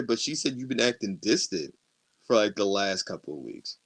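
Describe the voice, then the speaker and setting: A man's voice: on the low side, very animated, moderate pace, slightly rough. A man co-hosting a podcast, telling a story in casual chat with lots of profanity and laughter. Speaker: podcast co-host.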